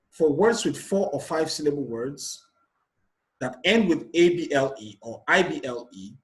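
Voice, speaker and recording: A man with a slightly high voice teaches an exam revision lesson. He explains each rule patiently and counts syllables aloud. The room rings with a noticeable echo. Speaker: English teacher. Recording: echoey room.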